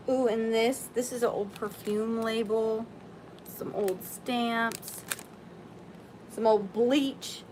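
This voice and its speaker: A woman's voice: a little high, takes it slowly, a little hiss or hum, low-quality recording. Chatty woman hosting a live sale. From Southern US. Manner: chatty and excitable, talks to viewers by name. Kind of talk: live-stream sale chat.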